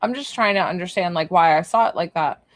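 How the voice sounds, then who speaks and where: Speaking fast in a lowish voice with no echo, this psychic medium delivers an informal one-on-one reading. She thinks out loud, fills her speech with fillers, and breaks into laughter.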